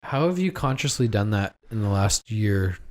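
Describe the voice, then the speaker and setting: A man's voice: on the low side, lively intonation, normal speed. A man hosting a podcast, asking questions and sharing his own view in a casual interview. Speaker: podcast host.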